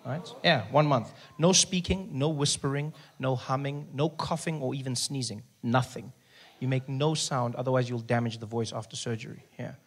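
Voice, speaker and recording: A South African man performing stand-up comedy, telling a story in an animated way and sometimes dropping into a hushed voice. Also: mid-range voice, normal speed, breathy edge.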